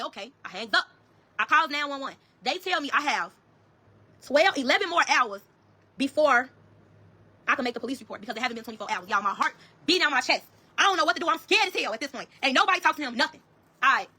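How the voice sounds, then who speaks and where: A woman telling her own story to viewers in a rapid, heated, profane way. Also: high-pitched, lively intonation, sharp tone. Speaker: storyteller in a social media clip.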